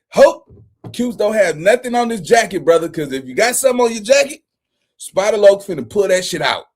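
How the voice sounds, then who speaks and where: A man's voice: high voice, very animated, normal speed. A man in his forties hosting a casual reaction commentary, profane and laughing often. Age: 40s. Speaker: commentary channel host.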